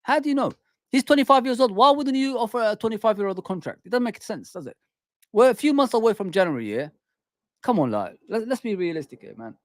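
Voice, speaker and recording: Heated ranting football fan, high voice. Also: male voice, very animated, fast, dry recording, clean studio sound. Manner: heated, repetitive, calls listeners "people" and "man". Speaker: fan channel host. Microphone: desk microphone.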